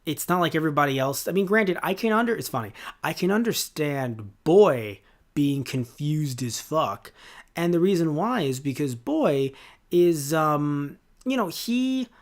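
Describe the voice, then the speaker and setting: A man in his twenties hosting a podcast, giving a casual review in a rambling, sarcastic way with lots of fillers and restarts. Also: fairly high pitch. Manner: rambling and sarcastic, with many fillers and self-corrections. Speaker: podcast host.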